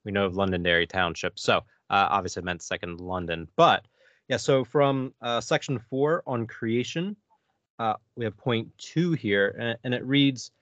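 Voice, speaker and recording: An easygoing, joking man from central Pennsylvania co-hosts a casual podcast. His voice sits on the low side. The recording is dry, close and slightly muffled. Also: moderate pace, a bit bright, dry recording. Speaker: podcast co-host. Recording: dry, dull lo-fi sound.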